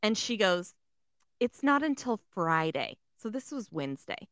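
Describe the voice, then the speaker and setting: A woman's voice: mid-range voice, very animated, a little slow, a bit bright, no room sound, clean studio sound. A woman telling a story in casual chat, swearing often, filling with "like" and acting out the other voices. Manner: swears a lot, fills with "like", acts out voices.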